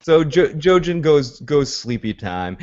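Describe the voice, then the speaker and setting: A man's voice: on the high side, big pitch swings, unhurried, a little mellow, muffled recording. A man co-hosting a casual recap podcast, retelling the episode with many fillers and restarts. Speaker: podcast co-host.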